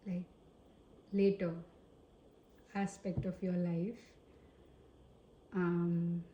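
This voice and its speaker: Indian-accented woman tarot reader, slow and hesitant, mellow tone, roomy recording. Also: lowish voice, flat delivery, dull audio, a little hiss or hum. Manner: hesitant, searching for words with many fillers. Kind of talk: casual tarot reading to camera. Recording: roomy echo.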